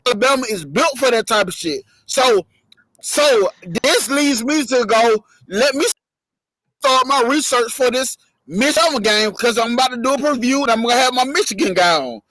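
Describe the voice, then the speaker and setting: A man's voice: very high-pitched, animated, moderate pace, fairly bright tone, no echo, rough recording. A man hosting a casual sports talk show, arguing emphatically and profanely about college football. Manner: emphatic, profane, repeats himself.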